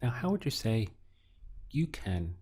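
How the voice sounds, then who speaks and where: A man teaching a recorded language lesson, asking slow, deliberate questions and pausing for the learner to answer. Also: mid-range voice, big pitch swings, darkish tone, breathy edge. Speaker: Spanish teacher.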